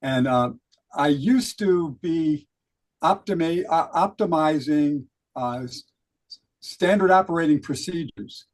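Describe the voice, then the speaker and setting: A man giving an earnest networking pitch about his business, pausing on a few words. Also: rough recording. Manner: earnest, hesitant, some restarts. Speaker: business owner.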